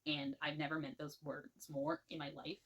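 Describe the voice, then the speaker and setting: A woman reviewing a book series in a gushing, animated way, rambling with many restarts. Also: deep voice, moderate pace, dull audio. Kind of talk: casual spoken book review.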